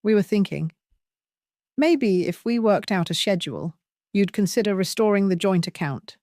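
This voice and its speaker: A woman's voice: medium pitch, animated, moderate pace, warm tone, no echo, studio quality, close to an everyday voice. An older woman voicing her adult son, solemn and stiff.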